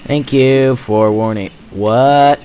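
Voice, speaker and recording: A man's voice: medium pitch, slow, mellow, slight background noise. A teenage boy doing gameplay commentary, rambling and jokey with self-mocking asides. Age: teens. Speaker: let's play gamer.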